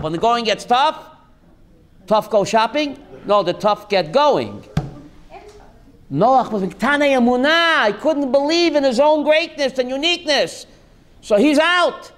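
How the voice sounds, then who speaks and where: A man, a rabbi, giving a lively Torah class, calling on listeners by name and slipping in Yiddish and Hebrew words. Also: extremely high pitch, a little slow. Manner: lively, addresses listeners by name, jokey asides; mixes Yiddish and Hebrew terms. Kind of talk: animated Torah class to a live group.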